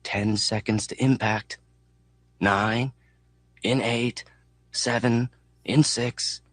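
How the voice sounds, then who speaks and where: A man voicing a reckless, fanatical young male mechanic who yells slogans into the wind. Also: mid-range voice, fairly even intonation, very slow, dry recording. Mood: calm, knowing.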